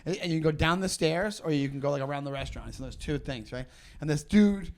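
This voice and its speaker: A middle-aged male comedian telling stories in casual podcast banter, ranting loudly with swearing and laughter. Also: fairly high pitch, fast. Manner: loud, heated ranting with profanity and laughter. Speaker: guest comedian.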